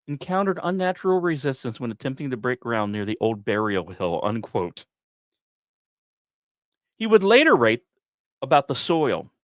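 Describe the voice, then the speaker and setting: A man hosting a podcast, telling a history story with dramatic pauses and wry asides. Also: no echo, clean studio sound. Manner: dramatic, wry asides, lively pitch swings. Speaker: podcast host. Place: small dry studio.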